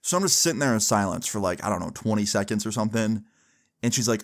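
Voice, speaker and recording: A man's voice: fairly low pitch, animated, quick pace. Young man telling a casual story. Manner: chatty, heavy with "like" and "you know" fillers.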